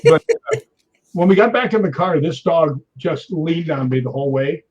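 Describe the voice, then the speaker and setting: A man, a guest on a chat show, telling an animated story and tagging his sentences with "right?". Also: fairly high pitch, normal speed, breathy edge, poor audio.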